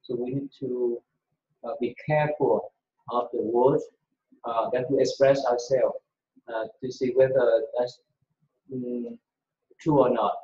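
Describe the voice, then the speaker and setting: A man teaching a Buddhist lesson, hesitant and halting, with many filled pauses. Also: mid-range voice, expressive. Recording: dull sound in an echoey room.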